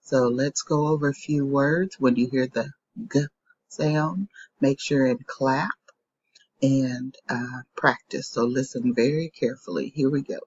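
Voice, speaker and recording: A woman teacher giving a slow, patient phonics lesson to young children, saying each word twice. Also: extremely low pitch, a little mellow, husky, dull audio.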